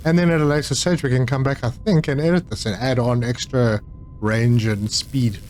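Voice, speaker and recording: A man's voice: medium pitch, steady tone, normal speed, a little mellow, a little hiss or hum. Easygoing man thinking aloud over gameplay. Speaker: gaming channel host. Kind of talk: casual gameplay commentary.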